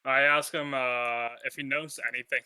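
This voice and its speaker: A man playing in a tabletop game, easygoing and unhurried, often laughing. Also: medium pitch, fairly even intonation, pushed and bright, smooth, no room sound, low-quality recording. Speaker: player.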